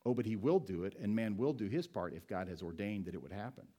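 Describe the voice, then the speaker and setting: A male pastor preaching a sermon, asking the congregation questions and answering them himself, slowing down to stress single words. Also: fairly low pitch, lively intonation, warm tone, breathy edge.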